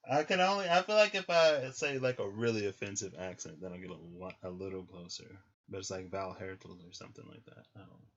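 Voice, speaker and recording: A man's voice: low-pitched, fairly quick, few pauses. A man giving a casual livestream tarot reading, thinking aloud with many ums. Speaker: tarot reader. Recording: slightly muffled lo-fi audio.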